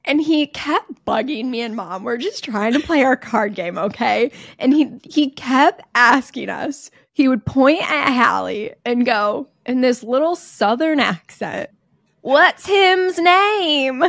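Young woman, podcast co-host, fairly high voice, animated storyteller who laughs a lot, dry close mic. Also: unhurried, vocal fry, hardly any pauses, no echo. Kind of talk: casual storytelling chat.

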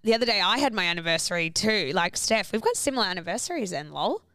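A young woman co-hosting a casual podcast, rattling through a story with plenty of "like" and swearing. Her voice is smooth and clear, and it is recorded close and dry. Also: medium pitch, expressive, fast talker, sharp tone, dry recording. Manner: chatty storyteller, swearing, lots of "like". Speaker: podcast co-host. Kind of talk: casual chat.

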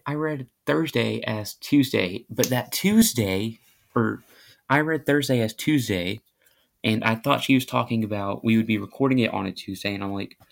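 Rambling man with a gravelly voice. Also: medium pitch. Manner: rambling and self-deprecating, with many fillers and restarts. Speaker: podcast host. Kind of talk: casual storytelling monologue.

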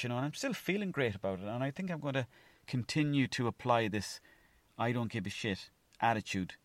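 Low-voiced Irish man rambling. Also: dry recording. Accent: Irish, from Mayo. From Ireland. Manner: animated storytelling, acts out his own thoughts; swears freely. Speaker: podcast host. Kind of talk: rambling solo monologue.

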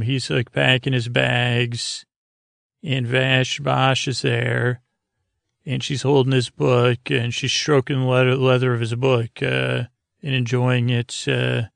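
Flat gravelly man rambling a recap. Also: medium pitch, no echo, clean studio sound. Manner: rambling, full of uh and "he goes" asides. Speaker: podcast host recapping an episode. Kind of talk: casual, drowsy recap.

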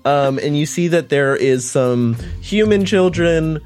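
Lively laughing male game master. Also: fairly high pitch, unhurried, music in the background. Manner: laughing, lively storytelling with crude jokes. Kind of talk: narrating a tabletop game.

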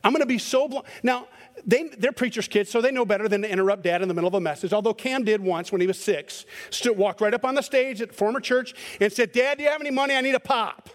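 A man's voice: sits high, fast. A middle-aged male pastor giving a conversational sermon, telling stories and acting out their voices with a self-deprecating manner. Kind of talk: sermon with storytelling. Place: church sanctuary. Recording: long hall reverb.

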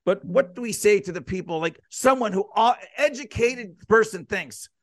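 A man with a fairly high voice hosts a casual hockey chat and strings his questions together in long, wandering runs. The sound is dry and close, with no room around him. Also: expressive, moderate pace, no echo. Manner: rambling, leading questions. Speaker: podcast and radio host.

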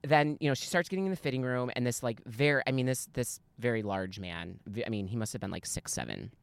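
A man's voice: mid-range voice, lively intonation, quick pace, creaky, clear, resonant tone, dry recording. A man in his forties telling a long story in a casual podcast chat, rambling with many fillers and restarts. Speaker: guest, fan.

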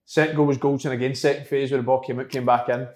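A man's voice: medium pitch, level tone, quick pace, darkish tone. A Scottish man in casual football chat, enthusiastic and often agreeing with "aye".

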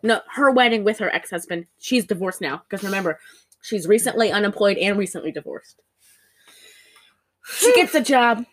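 A woman co-hosting a podcast, chatting casually as she recaps a movie and acts out its lines with big jumps in pitch. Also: animated, normal speed, long pauses, a bit bright. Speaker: podcast co-host.

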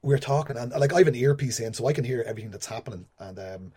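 A man's voice: medium pitch, very fast, dark tone, slightly rough. A young Irish man, a screenwriter, chatting in an interview and rambling with lots of "like" and "you know". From Ireland. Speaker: screenwriter guest. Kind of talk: casual interview chat.

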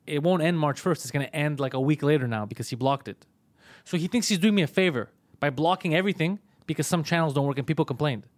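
A man's voice: a little high, fast. A man hosting a comedy podcast, telling a story in casual chat, swearing a lot and acting out both sides of a phone argument. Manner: animated, profane, acts out both sides of phone calls.

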